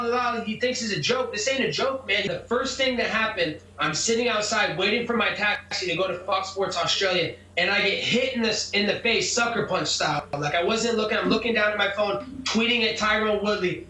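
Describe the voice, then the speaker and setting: A man's voice: high-pitched, brisk, sharp tone. A man, a mixed martial arts fighter, telling his side of a story in a brash, profane, combative way during an interview. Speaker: MMA fighter. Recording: echoey room, mic at a distance.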